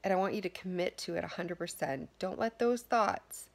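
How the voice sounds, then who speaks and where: A woman's voice: fairly low pitch, animated, normal speed, creaky. A woman wellness coach giving an earnest motivational talk, repeating reassuring affirmations. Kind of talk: motivational daily challenge talk.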